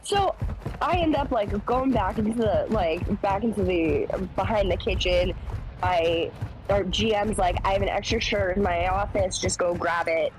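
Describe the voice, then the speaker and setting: Woman telling a lively story over music. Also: medium pitch, a little slow, rough recording. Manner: animated, acts out quoted voices. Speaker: streamer. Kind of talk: casual storytelling on a game stream. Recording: music playing behind.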